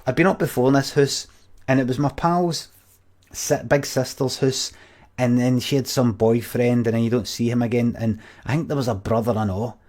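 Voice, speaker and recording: A middle-aged Scottish man rambles through a story to his stream, swearing freely and restarting his sentences. His pitch sits at an ordinary middle height, and his manner is plain and blunt. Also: fairly even intonation, normal speed, darkish tone. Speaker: streamer telling stories. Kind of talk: casual rambling anecdote.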